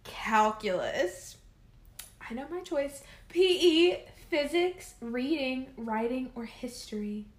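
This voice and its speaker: A young woman chats with a co-host in a playful, joking way. Her voice sits a little high, and the recording carries a roomy echo. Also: lively intonation, takes it slowly. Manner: playful, jokey. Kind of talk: casual chat.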